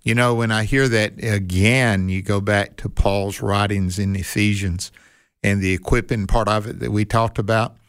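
A man with a fairly low voice joins a relaxed Bible discussion. He is folksy and asks rhetorical questions. The recording is dry and close. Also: moderate pace, clean tone, no room sound. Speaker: co-host.

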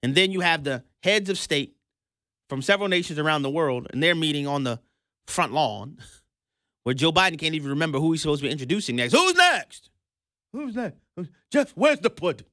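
A man's voice: fairly high pitch, brisk, bright, forceful tone, no room sound, studio quality. A man hosting a sarcastic political commentary monologue, mocking, laughing often and repeating words for emphasis.

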